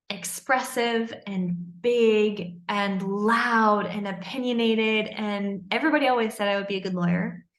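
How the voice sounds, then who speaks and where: A woman's voice: mid-range voice, a bit bright, reverberant. A woman candidly and earnestly recounting her own story in a personal storytelling monologue. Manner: candid, earnest, intense retelling.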